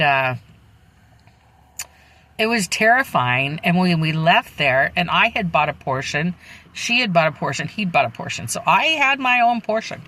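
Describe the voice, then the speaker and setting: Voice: mid-range voice, pushed and bright, rough recording. A person telling their own life story in a casual, candid and rambling way, with frequent asides. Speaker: memoir storyteller.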